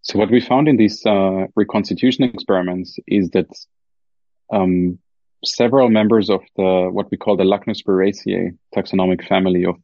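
A man's voice: low voice, warm tone, dry recording, muffled recording. A man with a German accent explaining research carefully as a podcast guest, with many fillers and restarts. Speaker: guest scientist. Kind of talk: podcast interview.

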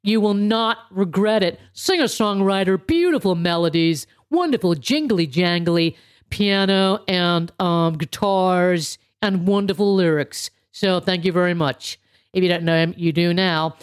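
A woman's voice: lowish voice, a little slow, clean tone. A woman in her fifties hosting a casual solo podcast, chatty and rambling, with lots of restarts and swearing. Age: 50s. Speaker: podcast host.

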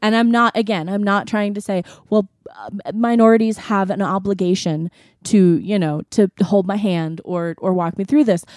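A woman's voice: mid-range voice, normal speed, a little mellow, no echo, studio quality. Tentative woman co-hosting a podcast. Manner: tentative, chiming in, agreeing. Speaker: podcast co-host. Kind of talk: casual conversation. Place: hot living room.

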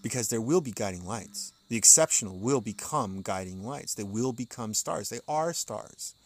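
A man's voice: lowish voice, expressive, moderate pace. A man speaking outdoors on a porch, musing conversationally as a podcast host, chuckling often and reading passages aloud between his thoughts. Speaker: podcast host reading and explaining an occult text. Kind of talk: casual spoken commentary.

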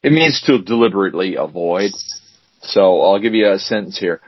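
A man's voice: low voice, expressive, moderate pace, husky, no room sound. A man co-hosting a podcast, chatting casually and rambling with fillers and restarts. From United States. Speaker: podcast co-host. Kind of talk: casual chat. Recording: dry, dull lo-fi sound.

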